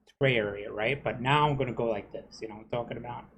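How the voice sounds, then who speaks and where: A man on a game stream, venting in a heated, profane rant. His voice sits at an ordinary middle pitch, and he keeps asking whether you know what he's saying. A faint hum of noise sits behind him. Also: quick pace, a bit bright. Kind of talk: casual rant while streaming gameplay.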